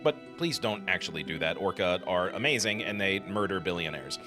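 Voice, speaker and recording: A man's voice: low-pitched, animated, fairly quick, sharp tone, soft background music. A man hosting a casual let's play, commenting with wry, sarcastic asides.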